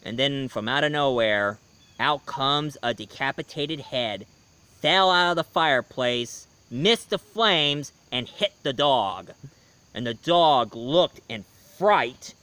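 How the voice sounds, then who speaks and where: A man telling a scary story to his listeners, dramatic, swinging between loud and hushed lines. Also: medium pitch, lively intonation, slow, clean tone. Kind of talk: spooky storytelling.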